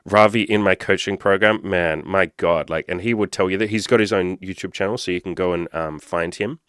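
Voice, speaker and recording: A man speaking in a low, dry voice, recorded close with almost no room sound. He talks like a blunt coach in a casual Q&A, cursing often and acting out the people he quotes. The delivery is unpolished and direct. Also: a bit bright, clear, resonant tone, dry recording. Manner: blunt, swears freely, acts out quoted people. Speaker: dating and self-improvement coach. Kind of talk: casual motivational Q&A monologue.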